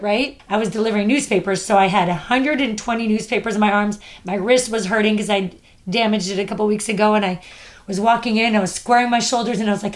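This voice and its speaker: A woman's voice: medium pitch, quick pace. A woman podcast host telling a personal story in an earnest, heartfelt way. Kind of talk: casual chat.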